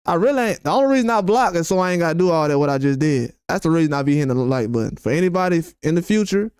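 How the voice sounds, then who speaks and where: A man with a high, smooth, resonant voice delivers a blunt, profane rant on his boxing live stream. He hammers the same points again and again. The sound is dry and close, with no room echo. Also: lively intonation, very fast, a little mellow. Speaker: boxing YouTuber host.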